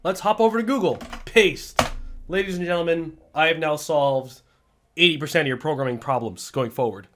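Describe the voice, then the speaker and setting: A man teaching programming in a screen-recorded tutorial voice-over, talking in an excitable, emphatic, ranting way and sounding slightly sick. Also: on the high side, moderate pace, noisy background. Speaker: programming instructor.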